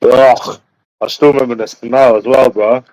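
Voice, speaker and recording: A man's voice: medium pitch, steady tone, normal speed, a little mellow, dry recording, low-quality recording. A man from London with an English accent, chatting casually on a livestream, swearing constantly and addressing viewers by name. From London, England. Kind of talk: rambling casual livestream chat.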